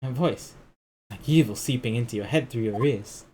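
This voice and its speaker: A woman's voice: very deep voice, moderate pace, mellow, a little hiss or hum. A woman streamer reading a game aloud and adding wry asides. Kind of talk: game playthrough commentary. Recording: game music underneath.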